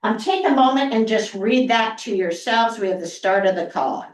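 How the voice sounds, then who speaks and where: Brief: woman pastor leading a Bible class, fairly high voice, roomy sound from a distance. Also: normal speed. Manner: lively and chatty, reads scripture aloud with emphasis. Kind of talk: adult education class. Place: church classroom. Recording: roomy, from far off the mic.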